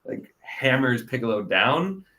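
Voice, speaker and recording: A young man talks through a film in casual podcast chat. His pitch swings widely and his delivery is animated, with sudden loud bursts when he acts out characters. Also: measured pace. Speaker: podcast co-host. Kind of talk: casual movie review chat.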